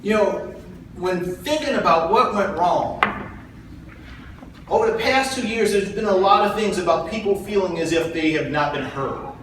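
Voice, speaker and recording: A man from South Carolina, running for party chair, addresses a convention crowd in a large hall with a high-sitting voice at a moderate pace. His speech is earnest and folksy, building into rallying calls. The recording picks him up from far off, with echo and faint noise.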